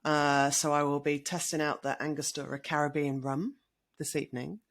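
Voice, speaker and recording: A woman co-hosting a podcast, chatting in a measured, agreeable way with small fillers. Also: sits low, level tone, slight background noise. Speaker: podcast co-host. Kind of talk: casual chat.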